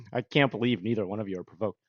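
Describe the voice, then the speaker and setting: A man's voice: mid-range voice, expressive, fairly quick, gravelly, husky, no room sound, dull audio. A man chatting casually with his stream viewers, rambling and laughing often. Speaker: livestreamer. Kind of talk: casual livestream chat with viewers.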